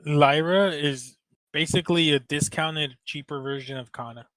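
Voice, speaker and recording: A man's voice: a little high, measured pace, a bit bright, no room sound. A man co-hosting a casual podcast chat, laid-back and joking, using slang and swearing. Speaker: podcast co-host.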